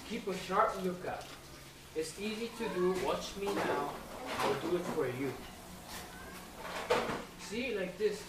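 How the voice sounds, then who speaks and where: Casting: teen student, slow storybook read-aloud, distant in an echoey, noisy room. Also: mid-range voice. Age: teens. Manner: slow, careful read-aloud with sound effects. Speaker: high school student reading aloud. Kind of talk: reading a picture book aloud to children.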